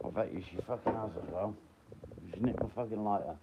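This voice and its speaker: A man's voice: on the low side, quick pace, dull audio, very noisy. A man in his forties chatting casually on a live stream, rambling, swearing freely and answering his viewers. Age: 40s.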